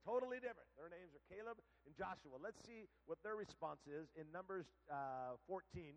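A man's voice: sits high, normal speed, gravelly, slight background noise. A man preaching a sermon as pastor, telling stories animatedly and acting out the quotes. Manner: animated storytelling with acted-out quotes. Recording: muffled sound with long hall reverb.

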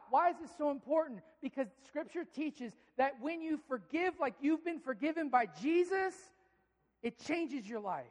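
A pastor preaching a sermon in an animated way, acting out inner voices. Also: sits high, moderate pace, in a large hall.

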